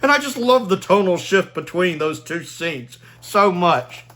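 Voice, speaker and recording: A man's voice: high voice, expressive, unhurried, bright, forceful tone. A man giving a casual spoken video review, gleeful and chatty, laughing often and filling his talk with "like".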